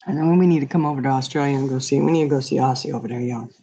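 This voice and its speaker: A woman hosting a livestream talks casually to her chat, rambling through a hypothetical packed with fillers. Her very deep, dark voice comes out rapid-fire, and the stream audio is dull and lo-fi.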